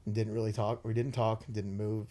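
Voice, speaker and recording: A man's voice: on the low side, flat delivery, normal speed, noisy background. A young man hosting a podcast, talking earnestly with many fillers and restarts. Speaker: podcast host. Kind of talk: casual chat.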